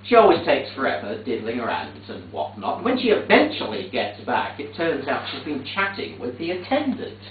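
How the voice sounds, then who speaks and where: A man performing a theatrical monologue on stage, telling the story in a fussy, prim, deadpan way. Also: medium pitch, normal speed, hardly any pauses, a little hiss or hum. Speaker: stage actor. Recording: echoey theatre, distant tinny capture.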